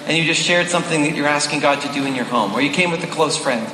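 A man's voice: a little high, fast talker, background noise. A man preaching a sermon as a pastor, speaking conversationally with touches of self-deprecating humor and repeating his key phrases for emphasis. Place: church sanctuary. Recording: long reverb of a large hall.

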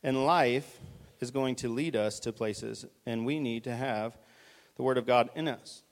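A man's voice: medium pitch, unhurried. A man preaching a conversational, urgent sermon, directing volunteers on stage. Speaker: pastor. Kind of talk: live sermon with stage illustration. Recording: reverberant church hall.

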